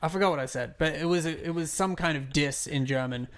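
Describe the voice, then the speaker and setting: A man's voice: fairly high pitch, quick pace. A man co-hosting a podcast, telling a rambling, profane story in a casual chat. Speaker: podcast co-host.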